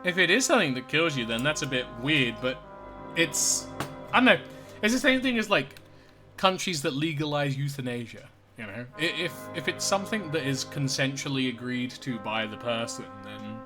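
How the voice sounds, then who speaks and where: Man streaming a game, chatty and lively. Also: mid-range voice, moderate pace, over music. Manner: casual, rambling and thinking aloud. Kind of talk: live game commentary.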